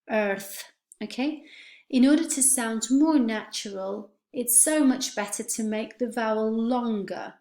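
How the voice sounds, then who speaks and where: A woman teaching English pronunciation, modelling words and sentences slowly and clearly for her students. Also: a little high, darkish tone, echoey room. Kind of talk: online pronunciation lesson.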